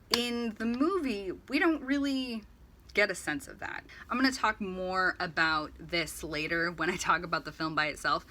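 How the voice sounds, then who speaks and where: A woman's voice: lowish voice, sharp tone, a little hiss or hum. A woman giving a casual, rambling commentary comparing a book series with its film, acting out lines in little voices. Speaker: video essay host.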